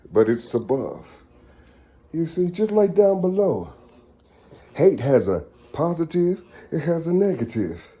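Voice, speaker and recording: A man ranting in a preachy, profane spiritual monologue, often shouting and checking in with the listener. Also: medium pitch, reverberant. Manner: preachy, profane, keeps asking "you see"; bursts into shouting and laughter.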